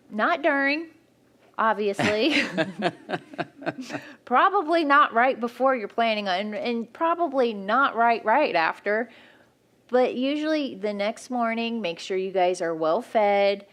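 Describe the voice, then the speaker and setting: A woman speaking frankly and practically at a church marriage workshop, teaching couples. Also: a little high.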